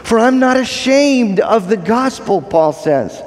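A male pastor delivers a sermon in a fairly high voice, leaning hard on key phrases and repeating them. He checks in with the congregation through questions as he goes. The sound carries a long reverb from the sanctuary. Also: lively intonation, slow pace.

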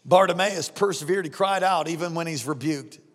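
A man preaching a sermon as pastor, fervent and exhorting, rising to shouts at times. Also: a little high, normal speed, long reverb tail.

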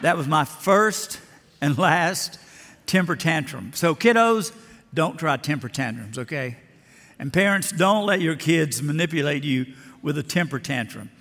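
With a long hall reverb behind him, this older Lower Alabama pastor delivers a folksy, story-driven sermon and performs the voices of his characters. He speaks on the high side, animated but a little slow, with a fairly bright tone.

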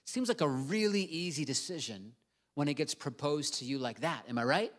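Earnest, slightly high-voiced male pastor. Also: animated. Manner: earnest, emphatic preaching with slowed stresses. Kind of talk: sermon.

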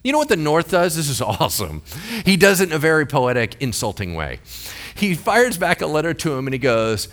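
A man in his forties preaching a sermon in a church, casual and joking, often turning to the congregation with questions. His voice is a touch high and bright and forceful. His pitch leaps around with lively energy. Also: a little fast. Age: 40s. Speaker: pastor.

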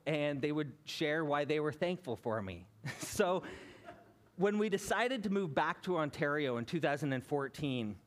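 Man telling a sermon story. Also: high-pitched. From Canada. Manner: conversational, anecdotal, building to a lesson. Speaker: pastor.

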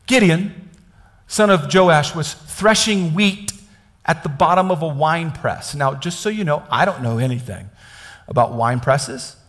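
A preacher from Kansas delivers a conversational sermon, often turning to ask his listeners questions. His voice sits fairly high. A long reverb carries through a big church hall. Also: a little slow, fairly bright tone. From Kansas, United States. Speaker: pastor.

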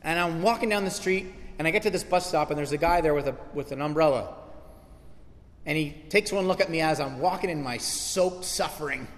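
A man preaching a sermon as pastor, earnest and storytelling, building to animated emphasis. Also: on the high side, a little fast. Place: church sanctuary. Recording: long church hall reverb.

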